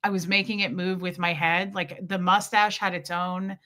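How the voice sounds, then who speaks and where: Bright-voiced chatty woman livestreaming. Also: on the low side, little pitch movement, normal speed. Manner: chatty storytelling, greeting viewers mid-sentence, jokey. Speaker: livestream host reading chat. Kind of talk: casual livestream chat.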